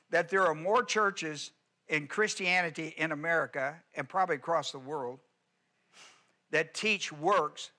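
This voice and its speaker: A man preaching a sermon as pastor, emphatic and repetitive, moving between loud declarations and hushed appeals. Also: a little high.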